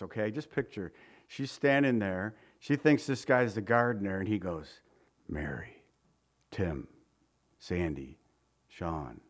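A man preaching a conversational Easter sermon, joking with the congregation and asking rhetorical questions. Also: medium pitch. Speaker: pastor.

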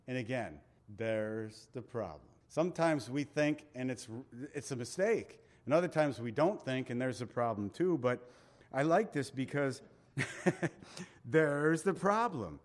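A man's voice: medium pitch, expressive, unhurried. A male pastor preaching a sermon in a conversational way, with asides, small laughs and scripture read in a raised voice.

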